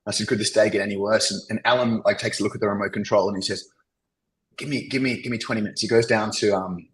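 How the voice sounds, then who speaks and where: A low-voiced Australian man telling a long story as a podcast guest. He rambles through his anecdotes, padding nearly every phrase with "you know" and "like". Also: steady tone, fast, slight background noise, poor audio. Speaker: podcast guest, agency founder. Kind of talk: casual interview storytelling.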